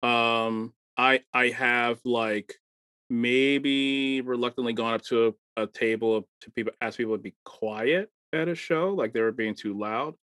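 Male comedy producer, mid-pitch, rambling storyteller who laughs a lot, close dry recording. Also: fairly even intonation, a little slow, fairly bright tone, no echo. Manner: rambling, laughs often, acts out quoted dialogue. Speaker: comedy show producer and podcast co-host. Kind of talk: casual chat.

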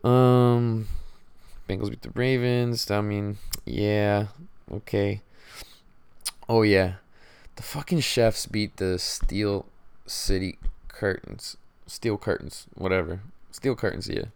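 A man's voice: fairly low pitch, steady tone, slow, creaky, smooth, dry recording. Profane, frustrated man ranting. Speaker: podcast host. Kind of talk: casual sports chat.

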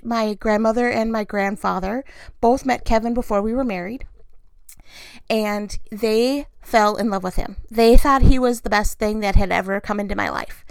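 Woman, 40s, casual storyteller, animated, acts out quotes, quick laughs, a bit of fry. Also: medium pitch, no room sound. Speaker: storyteller sharing family memories.

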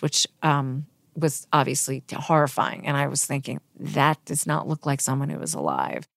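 A middle-aged woman giving an interview, retelling a painful personal story in a halting, emotional way with many restarts. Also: sits low, dry recording, studio quality. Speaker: interview guest.

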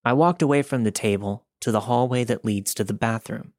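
A man reads a listener's true story for a podcast, keeping a calm, even storytelling pace. His voice sits at an ordinary middle pitch. The sound is dry and close, with no room around it. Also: a little fast, no echo. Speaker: podcast host reading listener stories. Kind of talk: scripted first-person narration.

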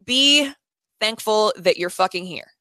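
A woman's voice: mid-range voice, lively intonation, a little slow, pushed and bright, no room sound. A woman co-hosting a casual podcast chat, blunt and swearing freely as she tells stories. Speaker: podcast co-host. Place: indoors at co-host's house.

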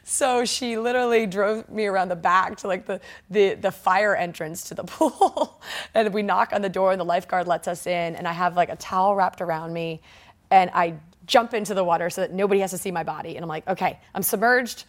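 Woman, forties, storytelling interview guest, animated, acts out quotes, laughs a lot. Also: mid-range voice, brisk. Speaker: guest, triathlete.

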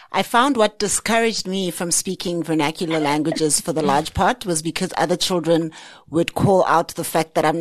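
A woman's voice: on the low side, no echo. A woman hosting an interview, asking a personal, reflective question. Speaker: podcast host.

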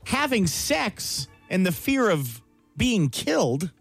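A man's voice: sits high, big pitch swings, slow pace, gravelly, no echo, faint music behind. A man co-hosting a radio show, reading the sports in a playful, hyped way. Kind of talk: casual radio banter.

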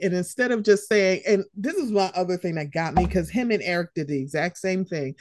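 A woman's voice: medium pitch, sing-song, moderate pace, hardly any pauses, a little mellow, no room sound, studio quality. A woman co-hosting a casual sports chat podcast, blunt and profane, often mimicking the people she talks about. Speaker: podcast co-host.

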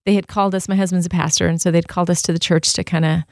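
A woman, the wife of a pastor, telling a personal faith story in a casual, animated way and acting out her own thoughts. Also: fairly low pitch, rapid-fire, no room sound, studio quality. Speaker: podcast co-host, pastor's wife.

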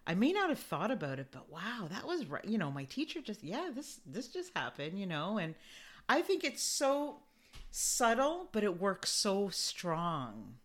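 Lively woman host, heard from a distance. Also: medium pitch, measured pace. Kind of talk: casual interview.

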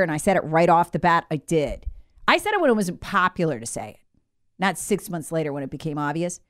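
A woman's voice: mid-range voice, clear, resonant tone. A woman hosting a talk radio show, delivering an opinionated monologue in a sarcastic, indignant, mocking manner.

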